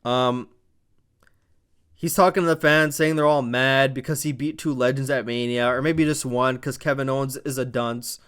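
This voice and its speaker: A man from Canada recapping a wrestling show in a casual vlog, telling it excitably with lots of swearing and fillers. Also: mid-range voice, normal speed, smooth.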